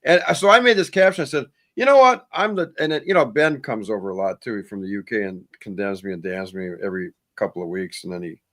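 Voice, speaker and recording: A man's voice: lowish voice, fast, hardly any pauses, fairly bright tone. Rambling man telling a story. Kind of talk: casual podcast chat.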